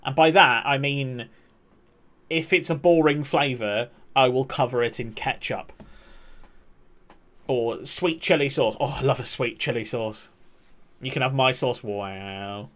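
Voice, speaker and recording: A man's voice: mid-range voice, a little slow, pauses often, a bit bright. A man chatting casually on a game stream, swearing and talking to his chat.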